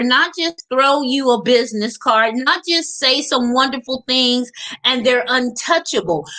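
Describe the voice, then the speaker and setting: A woman's voice: high-pitched, sharp tone. A woman coach giving a live motivational talk in an emphatic, preachy, repetitive way.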